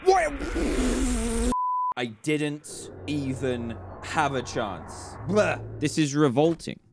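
A young man giving excitable commentary while playing a horror game, talking to the game's characters and jumping high in pitch when startled. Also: slow pace, very noisy. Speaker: gaming YouTuber.

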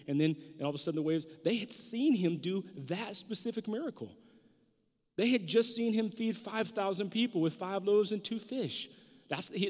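A male pastor delivers a sermon in a church, his voice pitched high and carrying. He preaches with animation and acts out the disciples in raised, excited tones. The sanctuary adds a long reverb tail to every line.

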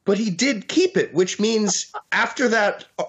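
Wry male podcast guest, animated delivery, sharp tone. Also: high-pitched, unhurried, dull audio. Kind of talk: casual comedic podcast chat.

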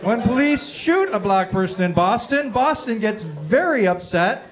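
A man doing a stand-up roast in a comedy club, delivering brash insult punchlines with deadpan timing into a stage mic. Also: high voice, measured pace. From Canada. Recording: live club with crowd laughter.

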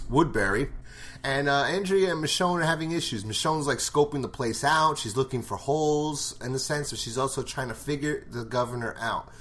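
A man's voice: medium pitch, fairly bright tone. A man giving a casual episode recap, blunt and full of swearing. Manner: blunt and profane. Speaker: show reviewer.

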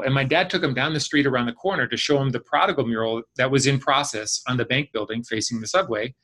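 A man from the Chicago area, speaking at a medium pitch and a fairly quick pace, is a guest on a video call for an online class. He is an animated storyteller who tells a long story and acts out the voices of the people in it.

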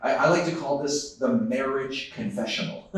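A man's voice: medium pitch, measured pace. A man giving a conference talk to a live audience. He tells a story earnestly, laughs often and restarts his sentences. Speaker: conference speaker. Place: large conference hall. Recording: echoey hall, distant microphone.

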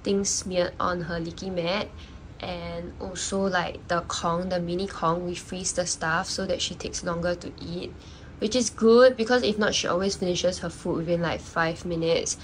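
A woman's voice: fairly low pitch, steady tone, normal speed, a little hiss or hum, low-quality recording. A young woman, chatting casually in a vlog and explaining things with lots of "like" fillers. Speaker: vlogger.

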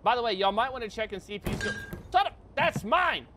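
A man streaming a game in casual chatter, excitable, swearing a lot and yelping the same words over and over. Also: very high-pitched, brisk, music in the background. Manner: excitable, swears a lot, yelps and repeats himself.

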